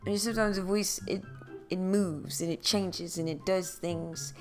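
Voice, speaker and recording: A Philadelphia woman hosts her own podcast, rambling casually through a solo monologue and playfully repeating phrases. Her voice is fairly low, steady, and a little mellow at a measured pace, turning a bit scratchy at times, with soft music playing in the background.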